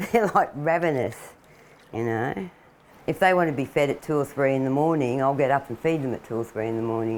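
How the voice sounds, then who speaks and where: Brief: middle-aged Australian woman, deep voice, chatty animal carer, faint noise behind. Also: poor audio. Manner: chatty, laughs often, coos at animals. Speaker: wildlife carer. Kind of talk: casual talk to camera while feeding animals. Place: indoors at home.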